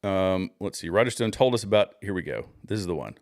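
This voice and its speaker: A man's voice: low-pitched, expressive, fairly quick, no room sound, studio quality. A man giving casual, rambling political commentary on a livestream, thinking aloud with many fillers and restarts as he searches for posts.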